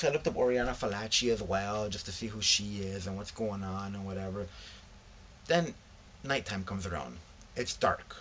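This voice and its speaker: A young man talks through his book finds in a casual, animated vlog chat, dropping slangy asides and playing out little scenes. His voice is bright and fairly low. A faint hum of the room sits behind him. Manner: animated storytelling, acts out quoted friends, slangy asides. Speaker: book vlogger.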